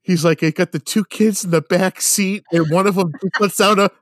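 A man's voice: sits high, steady tone, moderate pace, fairly bright tone, dry recording, studio quality. A man in casual chat on a podcast, rambling through a story with lots of fillers and swearing.

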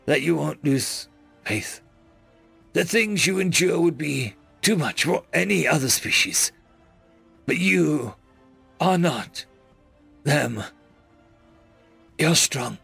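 Guy putting on a dying alien envoy, raised pitch, pained and halting, gravelly edge, audiobook. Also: dry recording. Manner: halting, pleading delivery. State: weak and pained, coughing. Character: dying male alien diplomat, frail, brave.

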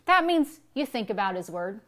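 A woman's voice: medium pitch, big pitch swings, normal speed, sharp tone. A woman pastor giving a sermon, preaching emphatically with repetition and rhetorical questions.

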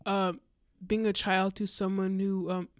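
Woman guest, casual storyteller, clear dry close-mic sound, animated with quoted dialogue. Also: mid-range voice, measured pace, dry recording. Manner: animated, acts out quotes with many fillers. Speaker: guest speaker.

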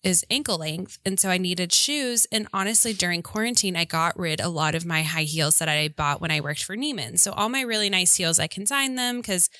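A woman co-hosting a podcast in casual chat, talkative and quick to laugh, wandering off on tangents. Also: on the low side, pushed and bright, no echo, clean studio sound. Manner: chatty, laughs easily, digresses. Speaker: podcast co-host.

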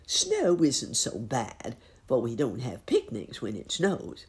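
A woman voicing a kindly, cheerful old rabbit gentleman in a storybook reading. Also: rumbling low, wildly swooping pitch, slow, exaggerated voice. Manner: cheerful, chuckling.

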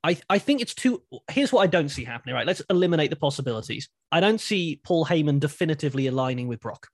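A man's voice: fairly high pitch, big pitch swings, fast talker, dry recording, studio quality. A man co-hosting a podcast, chatting casually and animatedly, thinking aloud with frequent restarts. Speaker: podcast co-host. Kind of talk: casual wrestling chat.

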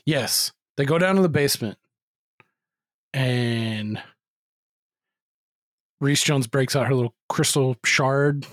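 A man co-hosting a movie-review podcast, recapping the plot in a rambling, profane stream and slipping into quoted voices. His pitch is average for a man. The recording is very dry and close. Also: takes it slowly, long pauses, no room sound. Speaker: podcast co-host. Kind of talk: casual movie-review chat.

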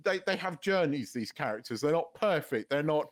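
A man chatting on a podcast, his voice sitting a little high for a man. He rambles through restarts, swears freely and breaks into laughter often. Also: expressive, moderate pace. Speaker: podcast co-host. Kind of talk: casual chat.

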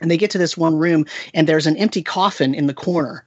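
A game master chatting casually about a tabletop session. The voice sits at a middle pitch, and the talk rambles with restarts and tag questions. The recording sounds dull and lo-fi, with a dry, close room. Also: fast, a little mellow, no echo. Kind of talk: casual podcast chat.

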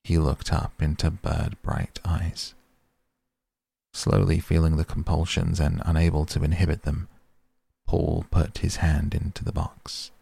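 Gravelly, very deep male narrator. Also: a little mellow, dry recording. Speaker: audiobook narrator. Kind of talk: scripted narration.

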